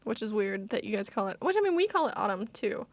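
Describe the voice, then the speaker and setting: A woman's voice: medium pitch, sing-song, fast, no room sound. A young woman, co-hosting a casual chat and talking with lots of fillers. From United States. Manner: chatty, lots of fillers and laughter. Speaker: co-host.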